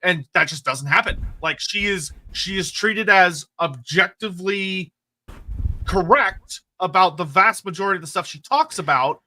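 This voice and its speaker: A man co-hosting a live lore stream, chatty and quick with asides. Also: high voice, bright, forceful tone.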